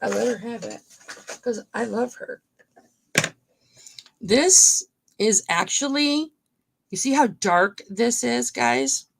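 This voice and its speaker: Slow, gravelly woman auctioning jewelry live. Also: fairly high pitch, a little hiss or hum. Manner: chatty, talks to viewers by name.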